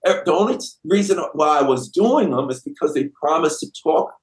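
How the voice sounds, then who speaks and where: A man's voice: fairly high pitch, big pitch swings, a little fast. A man in his fifties, a guest rapper, telling a story with lots of slang and acting out the voices of the people he quotes. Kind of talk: animated storytelling anecdote. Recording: roomy echoey sound.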